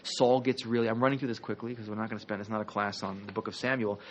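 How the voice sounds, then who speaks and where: A man teaching a history class as a rabbi, telling the story in a lively, conversational way with jokey asides. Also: lowish voice, fast talker, highs cut off, slight background noise.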